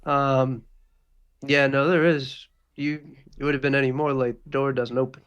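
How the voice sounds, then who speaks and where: Brief: man playing a jaded young busboy, deadpan and sneering, unbothered. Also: mid-range voice, normal speed, clean tone, dull audio, close to an everyday voice. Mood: dismissive. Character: bored, sarcastic young male busboy smoking outside.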